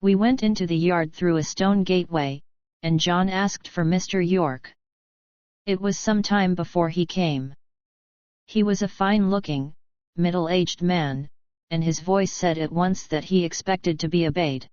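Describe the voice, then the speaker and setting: A woman narrates a classic novel in a calm, even way, with a smooth, clear voice set fairly low. The recording is dry and close, with a slightly dull, muffled tone. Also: a little slow, no room sound. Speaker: audiobook narrator.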